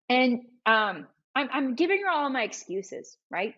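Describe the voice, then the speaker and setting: Animated woman telling a personal story. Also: on the high side, unhurried, hardly any pauses, lo-fi sound. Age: adult, mother of school-age boys. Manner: animated storyteller who acts out quoted dialogue. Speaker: entrepreneur guest. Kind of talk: personal storytelling in a podcast interview.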